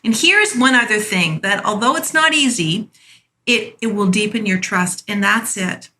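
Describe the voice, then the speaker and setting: A woman's voice: mid-range voice, moderate pace, pushed and bright, a little hiss or hum. A woman from a church sharing a short spoken devotional, earnest and storytelling, with small restarts.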